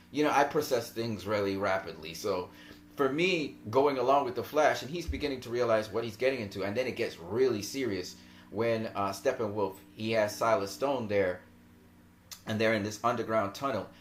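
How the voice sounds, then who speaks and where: A man giving casual film commentary in an animated, rambling way and laughing often. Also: medium pitch, a little hiss or hum. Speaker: movie vlogger.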